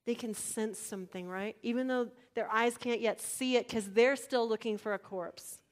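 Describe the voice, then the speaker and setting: High-voiced woman preaching, loud then hushed. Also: steady tone, normal speed. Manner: swings between loud emphasis and hushed near-whispers; conversational, asks the audience direct questions. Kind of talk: sermon.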